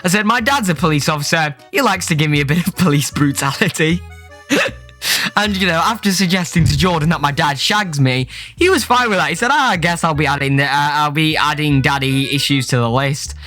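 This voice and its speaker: A man's voice: on the high side, expressive, bright, forceful tone. A young man reading out dating-app chats in a jokey, sweary comic commentary. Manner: jokey, swearing, quick shifts into mock voices. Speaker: YouTuber. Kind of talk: comedic commentary reading chat messages. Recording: faint music behind.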